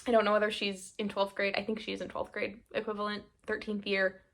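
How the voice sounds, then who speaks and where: Here the vlogger's mid-range voice is completely flat yet fairly bright, and she talks fairly quickly. A young woman from the United States, she chats loosely to camera about new books, rambling and interrupting herself, sometimes teary and laughing through her tears.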